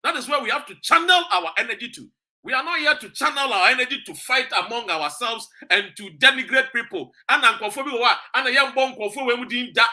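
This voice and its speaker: Brief: Ghanaian male host, impassioned political commentary, high bright voice. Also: quick pace. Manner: switches between English and Twi, preachy and emphatic.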